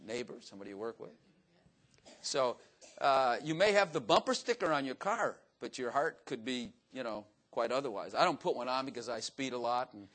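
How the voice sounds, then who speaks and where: A man's voice: medium pitch, a bit bright. A man giving a casual, folksy Bible teaching to a room, chatty and self-mocking, often asking his listeners questions. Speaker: teacher or preacher.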